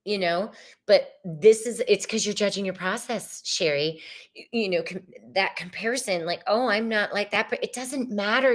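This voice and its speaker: A woman's voice: medium pitch, fairly bright tone. A middle-aged woman, hosting a live tarot reading, effusive and chatty, swearing casually and calling viewers y'all and sister.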